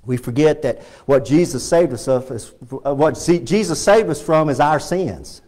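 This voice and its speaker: A man's voice: fairly high pitch, lively intonation, normal speed, a little mellow. A man with a Texan accent preaching a fervent sermon as pastor in a church, repeating his points and rising to emphatic peaks. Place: church sanctuary.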